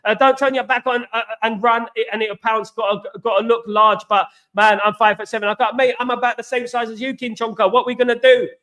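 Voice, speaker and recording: A man's voice: extremely high pitch, level tone, brisk, few pauses, sharp tone. A man hosting a casual football live stream, rambling and repeating himself as he chats with viewers and reads their comments. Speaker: football channel host.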